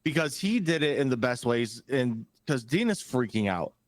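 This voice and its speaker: A man holds forth on a podcast recap in a middle-pitched voice, retelling scenes with emphasis and a bit of swearing. The sound is dry, with no room around it. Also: very animated, normal speed, dry recording. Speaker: podcast co-host. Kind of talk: casual recap chat.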